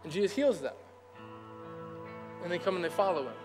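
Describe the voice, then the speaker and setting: A man's voice: sits high, expressive, a little fast. A young man preaching a sermon as pastor in a casual, conversational way, acting out what the people in his stories say. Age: young adult. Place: church hall. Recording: hall reverb with faint music.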